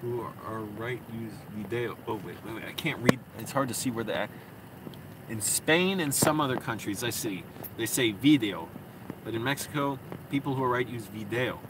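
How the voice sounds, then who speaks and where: A man vlogging into his phone in a parked car, rambling and venting with plenty of swearing. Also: medium pitch. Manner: profane, rambling, quick to vent. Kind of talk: rambling casual monologue. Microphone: phone camera. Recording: noisy air conditioning hum.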